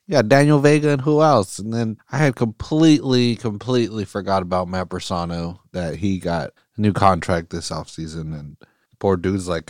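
A man's voice: deep voice, moderate pace, no room sound, studio quality. A man hosting a casual solo sports podcast, talking in a laid-back, slangy, profane way and laughing often. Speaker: podcast host. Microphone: podcast mic.

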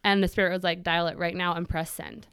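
A woman's voice: fairly low pitch, little pitch movement, fast, fairly bright tone, smooth, no room sound. A woman guest on an interview podcast telling a personal story in detail. She acts out her own past thoughts and mixes earnestness with touches of humor.

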